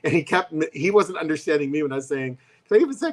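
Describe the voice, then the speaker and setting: A man's voice: mid-range voice, normal speed, pushed and bright. Co-host, male, conversational storyteller who jumps into voiced quotes. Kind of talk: casual chat. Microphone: live stream.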